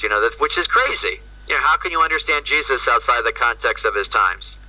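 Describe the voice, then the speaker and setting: Male priest, lecturing remotely over a video call, bright, edgy tone, off-mic, chatty with "right?" tags. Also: mid-range voice, lively intonation, a little fast, hardly any pauses, far from the mic, low-quality recording. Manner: conversational, frequent "right?" and "you know". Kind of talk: lecture to an audience.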